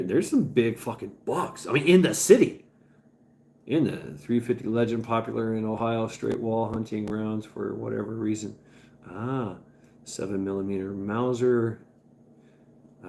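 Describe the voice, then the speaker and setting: On this casual livestream, a male host rambles and chats with viewers, reading their messages, restarting stammered phrases and swearing now and then. His voice sits fairly low, moves a little slowly, and is creaky yet slightly mellow, with a faint hiss or hum behind it.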